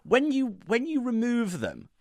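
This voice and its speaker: A young man co-hosting a podcast, telling stories in a playful, animated way. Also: extremely high pitch, measured pace, no room sound, clean studio sound. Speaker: podcast co-host. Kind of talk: casual chat.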